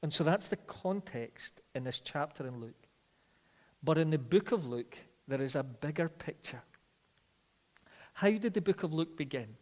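A man preaching a sermon, reading scripture aloud and repeating key phrases, often slowing down and dropping his voice softly to press a point home. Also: a little high, in a large hall.

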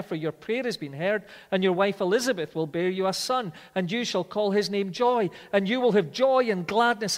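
A man preaching a sermon, reading scripture aloud and repeating key phrases, often slowing down and dropping his voice softly to press a point home. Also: high voice, in a large hall.

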